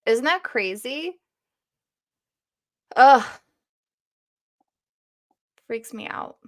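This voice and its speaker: A woman's voice: a little high, lively intonation, very slow. A woman co-hosting a casual livestream, chatty, laughing and swearing easily. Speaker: co-host of a livestream.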